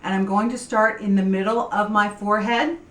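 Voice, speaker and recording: A woman in her forties hosting a skincare tutorial vlog, explaining in an upbeat, clear way. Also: mid-range voice, fairly even intonation, brisk, fairly bright tone, reverberant. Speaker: beauty vlog host.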